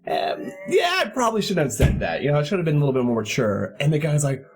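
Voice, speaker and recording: A man in his thirties hosting a casual podcast chat, telling a profane story in an animated way and laughing often. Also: a little high, a little fast. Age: 30s. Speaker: podcast host.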